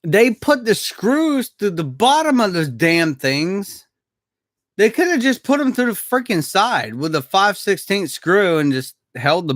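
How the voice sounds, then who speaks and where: A man talks casually and slowly to his live-stream viewers, rambling about his work with frequent chuckles and the odd curse. His voice sits a little high, and the recording is dry and close, with no room echo. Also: a bit bright. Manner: laid-back, rambling, chuckles often, swears casually. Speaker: maintenance worker streaming live. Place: Jacksonville.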